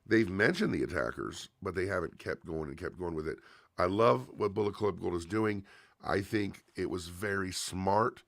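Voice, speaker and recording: Deep gravelly man recapping casually. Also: moderate pace, a bit bright, dry recording, clean studio sound. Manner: chatty, opinionated, frequent fillers and restarts. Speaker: host reviewing a wrestling show. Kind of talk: casual livestream commentary.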